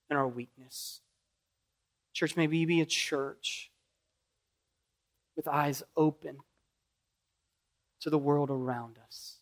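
High-voiced Kentucky pastor preaching. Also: male voice. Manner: swells loud and high when pleading, drops soft and low in prayer. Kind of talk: sermon.

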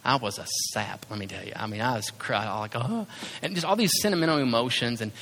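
A man's voice: medium pitch, quick pace, gravelly, fairly bright tone, a little hiss or hum. A man preaching a sermon as a pastor, talking conversationally and acting out little asides. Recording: reverberant hall sound.

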